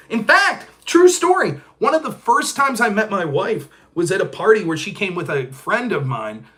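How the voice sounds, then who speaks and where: Animated, bright-voiced male podcast host. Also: a little high. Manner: animated, profane, bantering. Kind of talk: casual storytelling.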